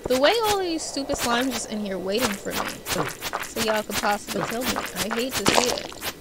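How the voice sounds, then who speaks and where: A young adult woman streaming a video game, chatting casually and rambling, playfully yelling at enemies. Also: a little high, expressive, normal speed, heavy background noise. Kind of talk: casual gameplay commentary. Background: game music.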